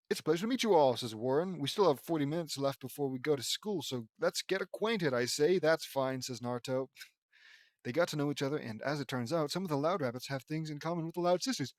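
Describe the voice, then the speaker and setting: Man, audiobook reader, sarcastic asides, stumbles over words, fairly high voice, dry close sound. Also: lively intonation, fast talker, no room sound. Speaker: reader of a fan-fiction audiobook. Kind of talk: mocking audiobook reading with asides.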